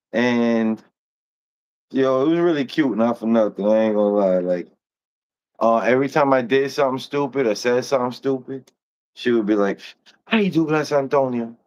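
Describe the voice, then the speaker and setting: A man's voice: mid-range voice, muffled recording. Laid-back slangy man hosting a live stream. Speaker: livestream host. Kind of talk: casual live stream chat.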